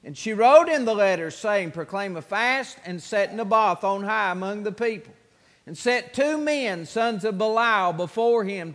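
A man's voice: high-pitched, fairly bright tone, long reverb tail. A man preaching a sermon as pastor, reading scripture aloud in a raised, emphatic voice.

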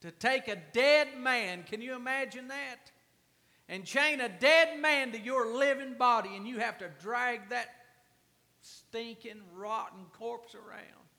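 High-voiced preacher with a gravelly edge. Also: male voice, big-room sound. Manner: swings from hushed asides to loud, drawn-out emphasis. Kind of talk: sermon. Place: church.

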